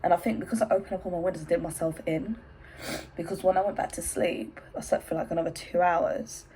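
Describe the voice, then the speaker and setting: A woman's voice: on the low side, quick pace, warm tone, a little hiss or hum, rough recording. A young English woman chatting in a rambling vlog from her bedroom, out of breath with hay fever. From England. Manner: chatty, rambling, self-interrupting. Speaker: vlogger. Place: bedroom at home.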